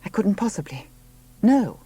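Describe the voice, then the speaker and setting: A man reading the part of an impulsive young pregnant woman who exclaims and shouts when upset. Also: sits high, sing-song, measured pace, slightly rough, pitched above the performer's own voice, heavily acted. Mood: wondering. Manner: exclamatory, raising her voice to a shout.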